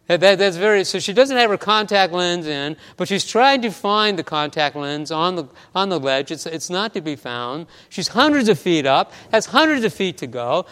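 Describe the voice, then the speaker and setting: A man's voice: sits high, a bit bright, smooth, long reverb tail. A man pastor preaching a sermon, telling a story with many stammers and restarts, in a church.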